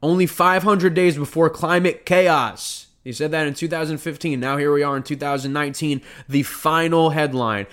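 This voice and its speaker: A man's voice: fairly high pitch, steady tone, moderate pace, few pauses, fairly bright tone. A man hosting a podcast, ranting in a sarcastic, heated and repetitive way. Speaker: podcast host. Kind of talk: ranting commentary.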